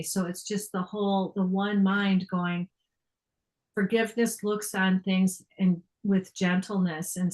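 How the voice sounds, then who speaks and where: An older woman with a medium-pitched voice gives a reflective spiritual talk, reading passages aloud and explaining them earnestly. She laughs often and restarts her phrases, and the recording quality is low.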